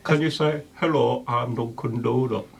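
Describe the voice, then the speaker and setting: A man's voice: medium pitch, moderate pace, gravelly. A man playing a dwarf in a tabletop game, eager and chatty. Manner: eager, animated. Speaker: player. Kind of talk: casual tabletop play.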